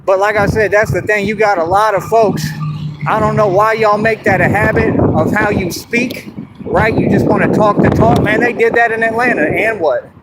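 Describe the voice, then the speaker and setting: A man's voice: high voice, fairly even intonation, moderate pace, very noisy. A man from Texas, talking in a boastful, swaggering monologue straight to camera. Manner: swaggering, repetitive, keeps asking "you understand?". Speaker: vlogger.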